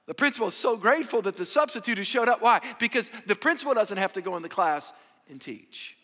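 A man preaching a sermon with emphatic, drawn-out phrases, swinging between loud and hushed. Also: sits high, lively intonation. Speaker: pastor. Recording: echoey hall with long reverb.

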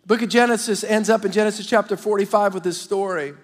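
A man preaching a sermon as the pastor, talking straight to his congregation in an animated, lively way. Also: high-pitched, fast. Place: large church auditorium. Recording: long hall reverb.

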